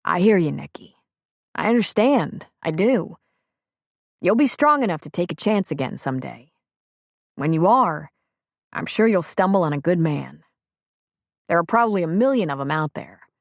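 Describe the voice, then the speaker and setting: Woman voicing a frank steady man, audiobook, low-ish voice, dry close sound. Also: moderate pace, vocal fry, long pauses, no echo. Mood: earnest. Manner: plain-spoken, gently persuasive. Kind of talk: audiobook character reading.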